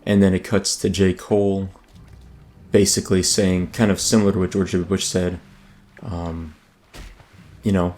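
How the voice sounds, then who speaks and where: Low-voiced man chatting over gameplay. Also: little pitch movement, moderate pace. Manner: rambling, many ums and restarts. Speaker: gaming YouTuber. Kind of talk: casual let's play commentary. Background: soft background music.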